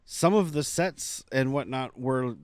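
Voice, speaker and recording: A man's voice: mid-range voice, a little slow, a little mellow, clean tone, no room sound. A man hosting a casual film podcast, rambling through asides and laughing often. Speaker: podcast host.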